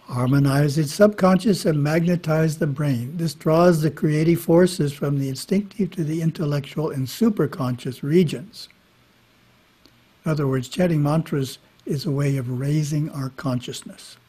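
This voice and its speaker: A man giving a spiritual talk, reading scripture in a measured way with brief casual asides. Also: fairly high pitch, warm tone, breathy edge. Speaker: monastery teacher. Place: monastery. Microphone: webinar microphone.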